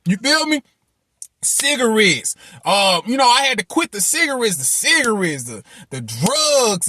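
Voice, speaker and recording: A man giving a heartfelt motivational monologue, repeating himself and tossing in "man" and "you know what I'm saying" as he turns loud and preachy. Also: high-pitched, very animated, measured pace, dry recording, studio quality. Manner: grows loud and impassioned, preaching. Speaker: motivational speaker.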